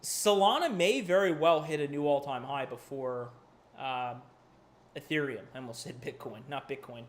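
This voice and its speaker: A man with a medium-pitched voice and moderate pace hosts a live crypto chart show. As a crypto market analyst and channel host, he gives casual live market commentary, swearing, restarting sentences, and drifting into rambling asides.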